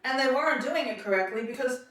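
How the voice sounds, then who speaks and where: A woman's voice: high-pitched, lively intonation, quick pace, a bit bright, very echoey, distant mic. A woman from Queens with a New York accent, telling stories about acting class in a chatty way and acting out quotes. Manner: chatty, laughs often, acts out quotes. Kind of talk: casual storytelling monologue.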